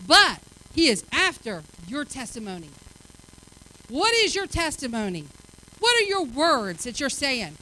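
A middle-aged woman pastor preaching a sermon, acting out everyday lines with animated energy, then turning to a hushed altar call. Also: high-pitched, a little slow, slight background noise, rough recording. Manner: soft, hushed invitation at the close.

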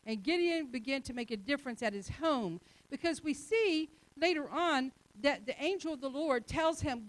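A woman preacher with a notably high voice delivers a sermon. She talks to the congregation in a conversational way, presses her points hard and acts out short quotes. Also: animated, moderate pace, few pauses, no room sound.

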